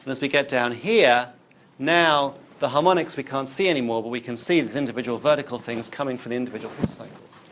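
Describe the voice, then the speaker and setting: A man's voice: medium pitch, fast talker, a bit bright, slight background noise. A man giving a recorded university lecture, explaining while he demonstrates on screen and thinks aloud.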